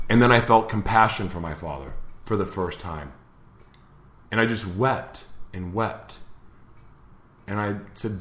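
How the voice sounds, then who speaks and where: A man's voice: lowish voice, normal speed, sharp tone. Earnest man telling his story in an echoey room. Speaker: host. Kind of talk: live confessional talk show.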